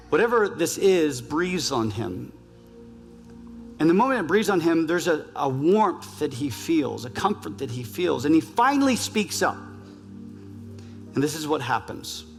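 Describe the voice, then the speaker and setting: A man's voice: on the high side, very animated, unhurried, vocal fry, long pauses. A man preaching a sermon as pastor, earnest and building with repeated phrases. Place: church sanctuary. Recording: reverberant church hall, faint music.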